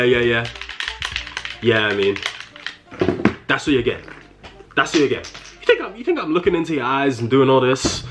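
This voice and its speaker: Feigning outrage, the young Londoner rants straight into the camera for comic effect, tripping over his words, saying things again and bursting into laughter. He has a high voice with a fairly bright quality.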